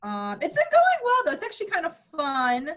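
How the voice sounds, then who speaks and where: Woman, thirties, stand-up comic; higher-pitched, bawdy and playful, lots of sudden high character voices. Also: wildly swooping pitch, normal speed, a bit bright. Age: 30s. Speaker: stand-up comedian. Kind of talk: virtual stand-up set.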